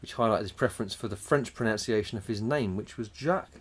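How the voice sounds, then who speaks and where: A man's voice: fairly low pitch, quick pace, breathy edge. Rambling, swearing man. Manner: rambling, loose, swears casually. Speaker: podcast co-host. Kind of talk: casual boozy banter.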